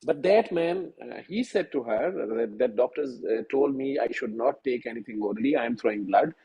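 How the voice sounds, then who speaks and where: A middle-aged man from Pakistan, a senior physician telling a personal story over a video call, halting and earnest with many fillers and restarts. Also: mid-range voice, expressive, highs cut off, slight background noise.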